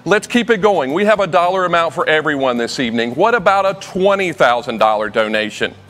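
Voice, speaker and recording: A man's voice: on the high side, expressive, fairly quick, fairly bright tone, big-room sound, faint music behind. A man working as auctioneer, making a rousing fundraising appeal in a studio and calling out donation levels.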